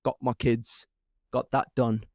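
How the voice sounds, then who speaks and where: A man's voice: mid-range voice, level tone, takes it slowly, dry recording, clean studio sound. A man with a Black Country accent hosting a podcast, teasing his guest and laughing often. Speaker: podcast host. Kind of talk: casual podcast chat.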